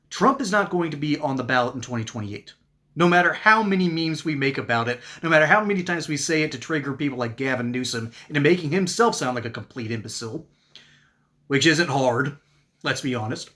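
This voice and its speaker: A man's voice: fairly high pitch, fairly bright tone. A man giving sarcastic, mocking political commentary in an opinion monologue. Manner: reads ad copy.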